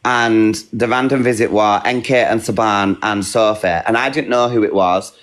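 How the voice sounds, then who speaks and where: A man's voice: on the low side, steady tone, moderate pace, fairly bright tone. A man hosting a live stream, bluntly recounting a dispute and quoting others as he goes. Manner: blunt, recounting quotes in a rush. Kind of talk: heated casual storytelling.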